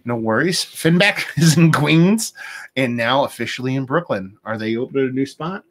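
A man's voice: mid-range voice, animated, normal speed. A young man co-hosting a beer tasting livestream, chatting casually with a joking, rambling, foul-mouthed manner.

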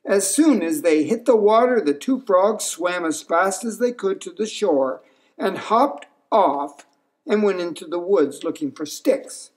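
A man reading a children's storybook aloud, slow and unhurried. His voice moves through a wide, lively pitch range as he tells the tale.

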